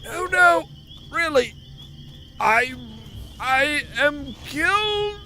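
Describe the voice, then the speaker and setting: A man's voice: extremely high pitch, lively intonation, extremely slow, pushed and bright, a little hiss or hum, pitched above the performer's own voice, exaggerated voice. A man putting on the voice of a whiny, melodramatic dying man to mock a game character. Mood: mock-dramatic. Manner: mocking, exaggerated. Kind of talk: gaming commentary.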